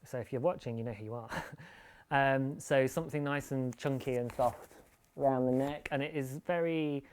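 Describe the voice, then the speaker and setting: A man's voice: medium pitch, steady tone, moderate pace, slight background noise. A man hosting a live podcast, chatting casually and rambling a little while laughing at himself. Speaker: podcast host. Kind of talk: casual live-show chat about knitting.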